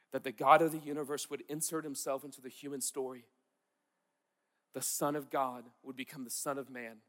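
A man's voice: mid-range voice, in a large hall. A man preaching a sermon in an earnest, conversational way, repeating key words for emphasis. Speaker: pastor.

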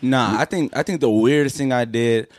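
A man in casual comedic chat, animated, acting out quoted voices and laughing often. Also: medium pitch, normal speed.

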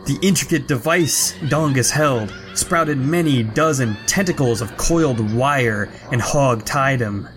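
A man reading a spooky fantasy story aloud in a measured, dramatic way. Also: mid-range voice, music in the background.

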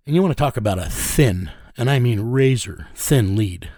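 A male interview guest tells stories casually, blunt and profane, chuckling as he goes. His medium-pitched voice is expressive and mellow at normal speed, recorded as clean studio sound with no echo.

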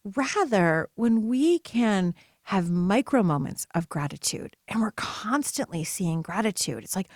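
In a dry, clean studio recording, a woman in her thirties hosts a podcast with a lowish, darkish, expressive voice at normal speed. Her casual motivational monologue is enthusiastic and chatty, full of asides.

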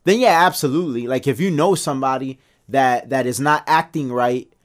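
A man co-hosting a casual podcast discussion, talking in animated bursts with many restarts and pitch jumps when he makes a point. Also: fairly quick. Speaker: podcast co-host.

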